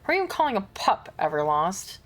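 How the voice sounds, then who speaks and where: A woman's voice: mid-range voice, big pitch swings, a little fast, lightly acted. A woman voicing an arrogant, domineering male wolf pack leader, reading game dialogue in a commanding, condescending tone. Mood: contemptuous.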